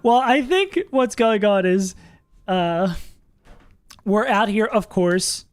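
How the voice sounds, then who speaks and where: Slow and smooth, a streamer's mid-range voice offers laid-back live commentary while gaming, his thoughts spoken aloud. He laughs often and lets the odd swear slip, in a dry recording with faint music behind him.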